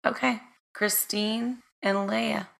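A woman co-hosting a podcast in casual chat, a little hoarse, laughing often and trailing off mid-thought. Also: medium pitch, steady tone, slow pace, fairly bright tone. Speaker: podcast co-host. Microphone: studio mic with red light.

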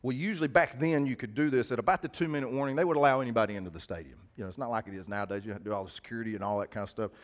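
A man's voice: mid-range voice, very fast, hardly any pauses. A man pastor preaching a sermon in a church, conversational, calling out to the congregation.

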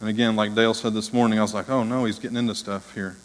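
A man's voice: lowish voice, level tone, rapid-fire, big-room sound, rough recording. An interim pastor, a man, preaching a sermon in an earnest, heartfelt manner.

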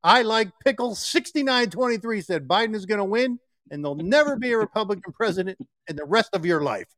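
A man with a high, lively voice that swings up and down as he jokes and teases. He laughs easily, and the sound is close and dry. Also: brisk, no echo. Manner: joking, teasing, laughs often. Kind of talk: casual chat.

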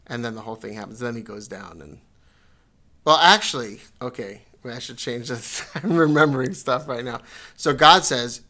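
A man's voice: medium pitch, moderate pace, bright, forceful tone. A man co-hosting a podcast, casually retelling a story and correcting himself as he goes. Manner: rambling, self-correcting storyteller. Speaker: podcast co-host.

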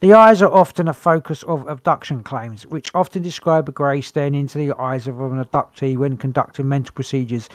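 A man in a casual podcast chat, reading his notes aloud and breaking off for wry asides. His voice sits in a middle register. The recording is dry and close, with no room echo. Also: mid-range voice. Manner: wry, dry humour, sighs between points. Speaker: podcast co-host.

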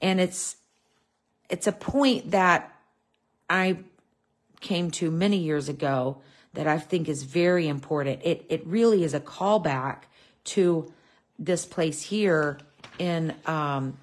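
A woman's voice: low voice, slow, pauses often. A woman teaching a Bible lesson in a casual way, telling a family story and talking with frequent fillers and restarts.

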